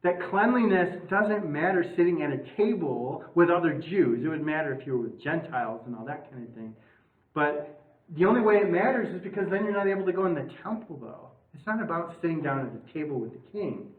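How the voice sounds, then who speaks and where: A man's voice: on the high side, animated, a little fast. A man teaching a casual Bible study class, chatty and joking, often putting questions to his listeners. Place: parish meeting room. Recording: tinny, echoey room, mic far off.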